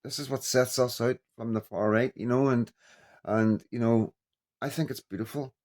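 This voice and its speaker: A man vlogging in a rambling casual commentary, halting and full of "you know what I mean". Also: mid-range voice, steady tone, a little mellow.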